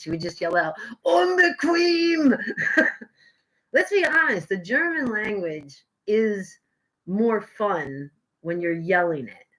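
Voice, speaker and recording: A woman's voice: medium pitch, low-quality recording. An American woman in her young adult years, chatting casually with her viewers while she paints at home, rambling and self-mocking. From United States. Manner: rambling, self-mocking, swings between loud bursts and mutters. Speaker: live streamer painting. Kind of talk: casual chat to live chat viewers.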